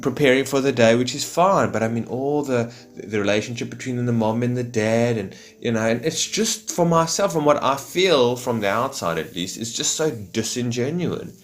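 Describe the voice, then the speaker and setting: A man's voice: mid-range voice, expressive, moderate pace, few pauses. A man in a rambling, reflective monologue, full of fillers. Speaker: vlogger.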